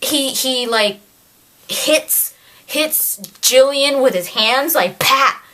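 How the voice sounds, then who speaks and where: A woman giving an animated, exasperated review of a novel in a casual rant, acting out characters' lines along the way. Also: high-pitched, extremely slow. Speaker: video creator reviewing a novel. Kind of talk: casual ranting book review.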